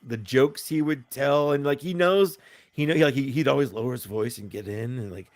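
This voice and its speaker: A man's voice: medium pitch, normal speed, no room sound. A man telling stories in a casual chat, in a laid-back way that trails off into laughs. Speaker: guest.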